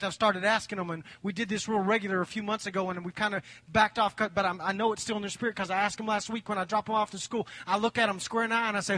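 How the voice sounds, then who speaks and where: A middle-aged man preaching a sermon as pastor in a church, swinging from loud exhortation to hushed whispers. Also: sits high, quick pace. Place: church sanctuary.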